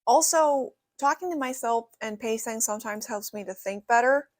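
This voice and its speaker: A woman's voice: fairly high pitch, moderate pace, dry recording. A young woman talking casually to camera from her bedroom, rambling with many "you know" fillers. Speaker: vlogger. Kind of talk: casual vlog talk to camera.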